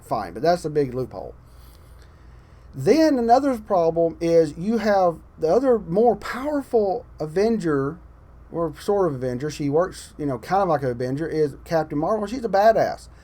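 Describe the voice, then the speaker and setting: A man delivers an exasperated, profanity-laced rant about a film. His voice sits a little high for a man, and he lurches between loud, emphatic complaints and low, grumbling asides, the way a hobby video commentator talks. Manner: animated, swings loud and soft. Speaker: channel host. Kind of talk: ranting movie commentary.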